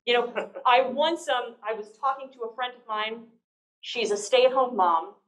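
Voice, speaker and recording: A woman giving a lively, conversational public lecture on negotiation, often checking in with the audience. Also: a little high, a little slow. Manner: lively, conversational, frequent "right?" tags. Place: lecture hall. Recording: echoey lecture hall.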